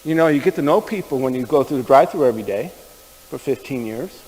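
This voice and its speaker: A man's voice: medium pitch, expressive, fast talker, darkish tone, slightly rough. Guy pastor telling a sermon story, chatty and folksy, echoey church hall. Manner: folksy, conversational, addresses the men in the room.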